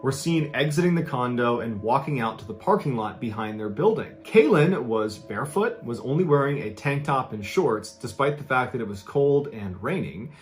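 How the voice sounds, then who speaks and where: A man's voice: mid-range voice, expressive, normal speed, few pauses. A man narrating a true story in a dramatic storytelling style. He acts out quoted lines with a raised voice. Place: played from an original video inside a reaction video.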